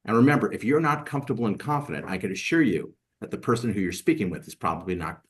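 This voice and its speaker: A middle-aged man on a webinar panel, a real estate agent, giving measured, instructive advice. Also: on the low side, expressive.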